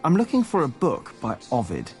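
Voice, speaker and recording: The young builder hero of a medieval game, wry and easygoing. His voice sits mid-pitch but ranges widely, with faint music underneath. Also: wildly swooping pitch, moderate pace, a little mellow. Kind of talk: game voice acting.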